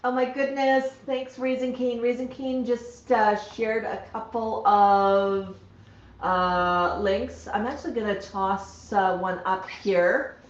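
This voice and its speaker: On a casual livestream from home, a woman talks slowly in a mid-range voice with fairly even intonation. She baby-talks and coos to her pet parrots, then turns to plain chat with viewers, and the recording is dull and roomy.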